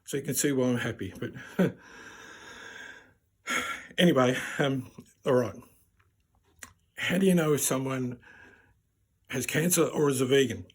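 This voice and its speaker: A man with a raspy voice, telling wry, self-deprecating stand-up stories. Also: medium pitch, measured pace, pauses often. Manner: wry and self-deprecating, laughs at his own jokes. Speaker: stand-up comedian. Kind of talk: stand-up storytelling.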